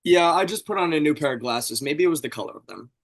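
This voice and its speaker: A man's voice: on the high side, expressive, fast. A man on a video call, a game contestant ranting indignantly in heated casual banter.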